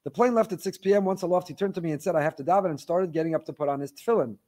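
A man teaching a Torah class, reading listener emails aloud in an animated storytelling way with wry asides. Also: sits high, rapid-fire.

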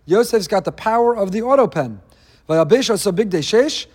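A man with a high-pitched voice teaching a weekly Torah class, dropping in wry jokes and asides. His words ring out with a long reverb, as in a large hall. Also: lively intonation, moderate pace, darkish tone, slightly rough.

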